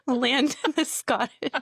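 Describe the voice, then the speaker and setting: A woman guesting on a podcast, talking in a playful, animated way and sometimes getting loud. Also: high-pitched, slow pace, creaky, husky, no echo. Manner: animated, playful, talks louder at times. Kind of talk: casual podcast chat. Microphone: podcast microphone.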